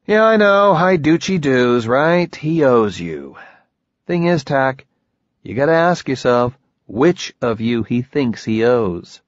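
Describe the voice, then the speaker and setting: A man's voice: medium pitch, very animated, slow, dry recording, muffled recording, voice pushed up. A man voicing a pressing, wry male envoy agent in an audiobook, swearing freely. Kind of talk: audiobook character voice.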